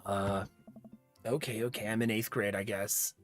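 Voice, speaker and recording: A man's voice: lowish voice, steady tone, unhurried, faint music behind, voice pushed down, natural voice. A man voicing a sulky, bored teenage boy who mumbles his answers. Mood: sullen. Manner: mumbling, sullen.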